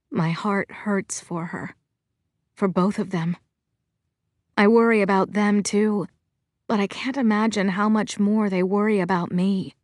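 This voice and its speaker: A woman's voice: mid-range voice, darkish tone, no echo, clean studio sound. A woman narrating an audiobook in the first person, earnest and reflective.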